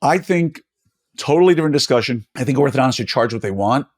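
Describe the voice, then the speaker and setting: A man's voice: mid-range voice, expressive, fast. A middle-aged man hosting a casual interview podcast as an orthodontist, talking emphatically with frequent fillers and restarts.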